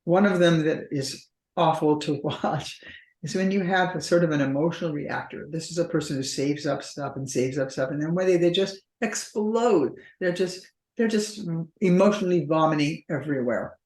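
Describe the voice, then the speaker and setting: With a low, slightly mellow voice at a moderate pace, this therapist discusses couples' patterns in an interview-style chat, acting out partners' words as quoted dialogue. Echo from the room is audible.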